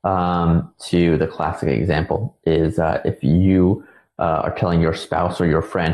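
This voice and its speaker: A young man who works as a counselor, explaining parenting ideas in a relaxed, casual way, with many fillers and repeated words. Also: deep voice, a little fast, reverberant, rough recording. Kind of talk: casual educational talk.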